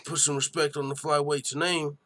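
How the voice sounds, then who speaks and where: A man's voice: fairly high pitch, level tone, moderate pace, bright, forceful tone. A young man hosting a live fight-night stream, giving hyped, slangy reaction commentary and chatting with viewers.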